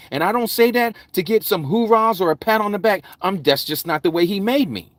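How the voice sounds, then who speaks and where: A man preaching a Bible study sermon, loud and vigorous, with mounting intensity. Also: sits high, expressive, brisk, hardly any pauses, no room sound. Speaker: Hebrew Roots Bible teacher. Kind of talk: impassioned livestream sermon.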